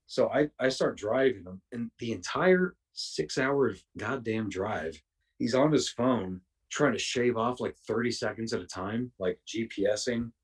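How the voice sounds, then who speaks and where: Husky low-voiced man telling stories. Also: far from the mic. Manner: rambling, profane anecdotes with many restarts. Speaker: podcast guest. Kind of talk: casual storytelling.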